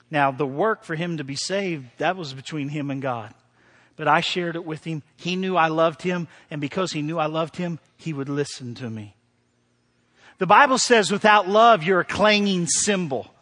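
A man's voice: sits high, bright, forceful tone, big-room sound. A man preaching a sermon in a church service, talking conversationally and firing questions at the congregation. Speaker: pastor.

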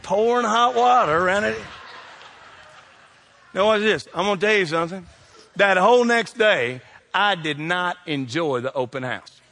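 Preachin guy, tells funny stories, shouts the punchlines, kinda high bright voice. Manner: folksy, animated, shouts punchlines. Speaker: pastor. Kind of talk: humorous sermon storytelling.

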